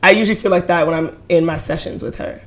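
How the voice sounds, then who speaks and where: Woman, from Brooklyn, casual podcast chat, quick, animated, laughs often. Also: fairly low pitch. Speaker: podcast co-host.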